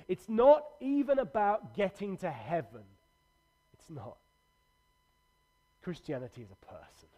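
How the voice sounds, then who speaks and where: A man's voice: high-pitched, darkish tone. A man pastor giving a livestreamed church sermon, earnest and conversational with emphatic repetition.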